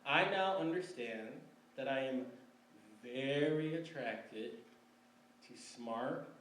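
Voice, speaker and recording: A man's voice: mid-range voice, slow pace, a bit bright, a little hiss or hum. Man telling a live story in an echoey room. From Michigan, USA. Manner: wry, conversational, laughs between lines. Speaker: storyteller on stage. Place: library event room before an audience. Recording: roomy live recording from a distance.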